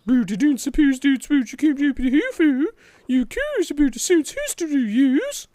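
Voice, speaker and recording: A man voicing a gentle, sly elderly nun in a high falsetto while reading game dialogue. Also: sing-song, normal speed, no room sound.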